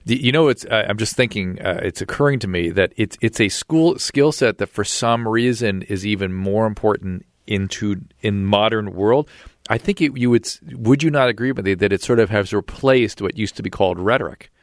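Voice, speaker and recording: A man's voice: fairly low pitch, moderate pace, no room sound. A man in casual conversation who rambles and hesitates as he thinks aloud.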